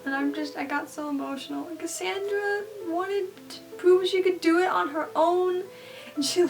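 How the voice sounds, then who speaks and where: A woman talking through a TV episode in a casual recap, gushing and excitable as a fan. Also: sits high, distant mic.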